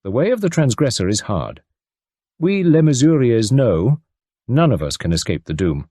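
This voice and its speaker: A man voicing a stooped, fatalistic older gentleman who speaks gravely and with resignation. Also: medium pitch, very animated, moderate pace, dry recording, studio quality. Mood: resigned.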